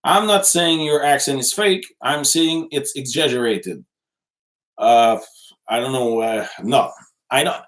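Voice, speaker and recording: A man's voice: medium pitch, a bit bright. Hesitant Quebec French-accented man. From Quebec City, Canada. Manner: halting speech with many fillers and restarts. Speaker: livestream host and journalist. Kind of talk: casual livestream chat answering viewer comments.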